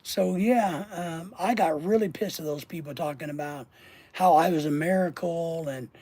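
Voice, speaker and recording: A man's voice: on the high side, moderate pace, warm tone. A man hosting his channel and telling a long personal story in a casual, rambling way, swearing and trailing off mid-sentence. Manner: rambling, profane, often trails off. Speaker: channel host.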